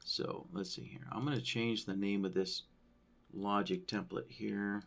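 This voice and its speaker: A man walking through a trading-software tutorial on a screen share, thinking aloud and checking in with "right?" as he goes. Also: fairly low pitch, fairly even intonation, measured pace, creaky. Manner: loose, thinking aloud, frequent "right?" tags. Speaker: software trainer.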